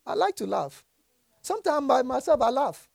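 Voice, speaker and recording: Lively gravelly-voiced preacher man. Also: very high-pitched, normal speed, dry recording, clean studio sound. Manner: animated, laughing often, swinging from quiet to shouting. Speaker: pastor. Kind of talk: lively sermon with scripture reading.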